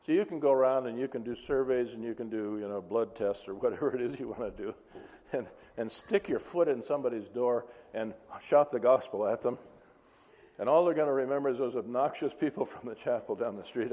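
A man's voice: medium pitch, fairly quick, a little mellow. A man preaching a sermon, telling a story and acting out the dialogue. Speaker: pastor. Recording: reverberant hall.

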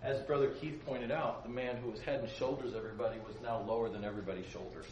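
The recording is muffled, with a distant mic in a roomy, gym-like hall and faint noise. A man of medium pitch speaks quickly with fairly even intonation and a slightly mellow tone. He's leading a casual Bible lesson for youth, joking and asking questions.

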